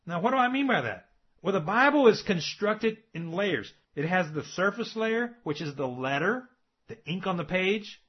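A man's voice: sits high, breathy edge. A man preaching a sermon, emphatic and asking rhetorical questions of his listeners. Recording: dull lo-fi recording.

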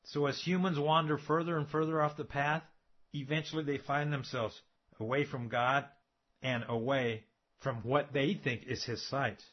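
A man's voice: medium pitch, level tone, normal speed. A man preaching a sermon, emphatic and asking rhetorical questions of his listeners. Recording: dull lo-fi recording.

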